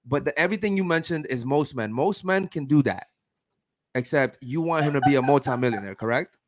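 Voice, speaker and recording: A man's voice: mid-range voice, expressive, fairly quick. A young man hosting a podcast, brash and profane, questioning his guests pushily. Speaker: podcast host. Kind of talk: heated casual podcast debate.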